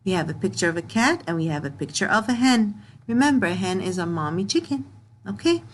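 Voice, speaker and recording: A woman teaching young pupils in a recorded grammar lesson, reading sentences aloud slowly word by word and patiently repeating herself. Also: medium pitch, lively intonation, a little hiss or hum. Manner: repeats and restarts phrases.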